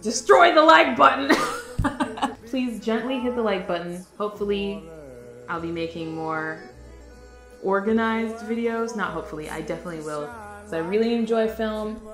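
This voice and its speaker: A young woman giving a casual movie recap, chatty and giggly, jumping into quick impressions of the characters. Her voice is mid-pitched, and the recording picks up an echoey room around her. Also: soft background music. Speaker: film vlogger.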